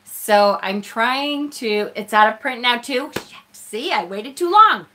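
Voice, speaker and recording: A woman with a slightly high, bright voice chats with her viewers on a live stream, taking her time over each thought. She pokes fun at herself and breaks into laughter often. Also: expressive, slow, a little hiss or hum. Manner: chatty, self-deprecating, laughs often. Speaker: live-stream host unboxing a tarot deck.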